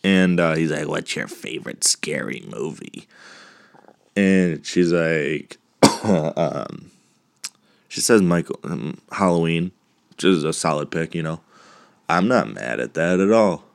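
A man with a very low voice hosts a casual podcast, rambling through a movie recap with profane asides. He takes his time, drawing out his words. The sound is close and dry, with no room echo. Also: takes it slowly, gravelly. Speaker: podcast host.

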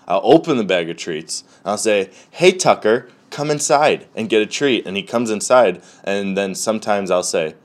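Podcast host, young adult man, low pitch, loose, profane, deadpan storyteller. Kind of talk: casual podcast chat.

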